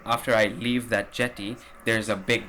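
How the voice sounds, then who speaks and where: Low-voiced man telling a story casually. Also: little pitch movement, normal speed, pushed and bright, a little hiss or hum. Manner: rambling, profane, with lots of fillers. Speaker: podcast host.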